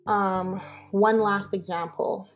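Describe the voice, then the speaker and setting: Emphatic woman podcast host, unhurried. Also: medium pitch, steady tone, faint music behind. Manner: candid and emphatic, acts out dialogue with laughs. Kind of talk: casual solo monologue.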